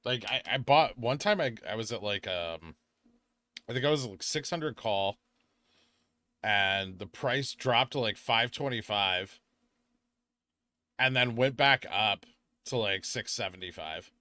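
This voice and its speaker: A man hosting a live trading stream, reading chat aloud and talking casually with lots of fillers, drifting from quiet murmurs to excited bursts. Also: fairly low pitch, a little slow, pauses often, no room sound. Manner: rambling, filler-heavy, swings from quiet muttering to excited bursts. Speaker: livestream trading host.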